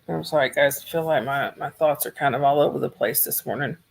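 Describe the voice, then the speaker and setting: A woman from Georgia, chatting softly and rambling on a livestream while losing her voice. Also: low voice, brisk, gravelly. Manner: soft-spoken, rambling, talks to chat viewers by name. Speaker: livestream host. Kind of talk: casual livestream chat.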